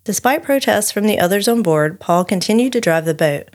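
A woman's voice: medium pitch, expressive, fairly quick, a little mellow. A woman, co-hosting a podcast and narrating a true-crime story from her notes with chatty asides. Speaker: podcast co-host.

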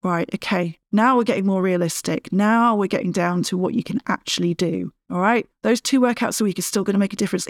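A woman's voice: medium pitch, darkish tone, no room sound, studio quality. A middle-aged woman hosting a podcast, talking straight to listeners as a tough-love fitness coach in a direct, emphatic way. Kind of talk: solo podcast monologue.

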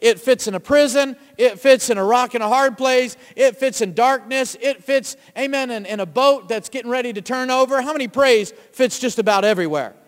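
A man's voice: very high-pitched, brisk, few pauses. A male pastor preaching a sermon, rousing, calling for amens and asking the congregation questions. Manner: rousing, calls for amens and asks the crowd questions. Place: church sanctuary. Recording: long reverb of a church hall.

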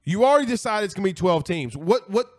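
A man hosting a casual college football live stream, reading viewer comments and giving blunt, animated opinions, often repeating himself for emphasis. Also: high voice, fast, a little hiss or hum. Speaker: host of a college football show.

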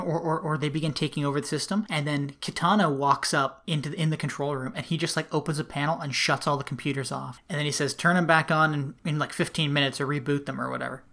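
A man's voice: fairly high pitch, sharp tone. A man co-hosting a podcast, casually retelling a film plot, chatty with frequent laughs and lots of "like". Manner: chatty storytelling, laughs often, many "like"s. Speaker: podcast co-host. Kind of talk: casual film recap chat.

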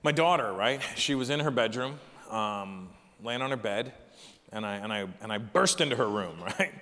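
A middle-aged man doing stand-up comedy on a live stage, talking with the audience in an animated, profane, chatty way. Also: fairly low pitch, normal speed. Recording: live hall with long reverb, faint ambience.

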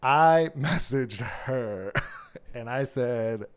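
A middle-aged person with a male-range voice, co-hosting a podcast in casual chat, telling campy, animated stories and laughing along. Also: mid-range voice, very slow, smooth. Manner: campy, animated storyteller calling everyone "girl". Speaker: podcast co-host.

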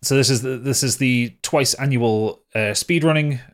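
A man co-hosts a podcast in casual conversation, rambling with plenty of fillers and offhand swearing. His voice is mid-range at a normal speed.

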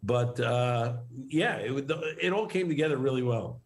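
A man's voice: mid-range voice, expressive, normal speed. A middle-aged man from New York, a guest in a casual interview, talking in a rambling way with many restarts and fillers.

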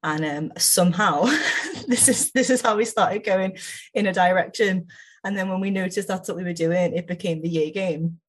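Woman, improv performer, low voice, husky tone, eager casual chat. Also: normal speed. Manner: chatty and enthusiastic, laughs often.

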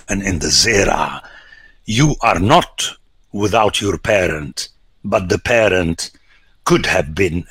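A man, a priest, giving an emphatic biblical lecture, swinging between loud exclamations and hushed whispers. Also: low voice, gravelly, husky, no echo. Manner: slow, deliberate, rhetorical.

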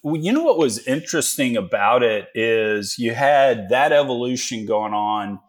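A man's voice: mid-range voice, animated, moderate pace. A Texan man in his forties, a guest telling stories in a folksy, joking way with many fillers. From Texas. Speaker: guest, energy investor. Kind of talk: casual interview talk.

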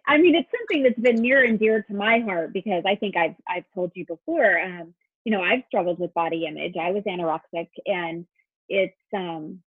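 A woman's voice: medium pitch, moderate pace, husky, no room sound. A woman podcast host interviewing a guest, talking in a hesitant way with many fillers. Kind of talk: interview conversation. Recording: dry tinny phone line.

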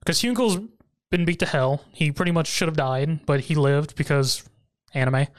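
A man hosting a podcast and recapping an anime episode in casual chat. He talks in a lively, amused way, laughs often and slips into quick impressions of the characters as he retells each scene. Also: fairly high pitch. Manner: animated, laughing, acts out character lines. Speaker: podcast host.

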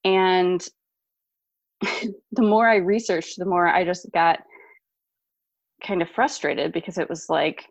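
A woman in her thirties, a guest on an interview show, telling a personal story in an animated way with frequent laughs. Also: on the low side, slow, gravelly, long pauses, dry recording. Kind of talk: podcast interview. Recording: dull lo-fi dry sound.

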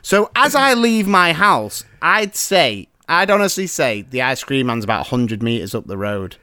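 A man in his thirties hosting a podcast, telling an animated story in casual chat. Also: medium pitch, normal speed, dry recording. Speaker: podcast host. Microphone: remote call.

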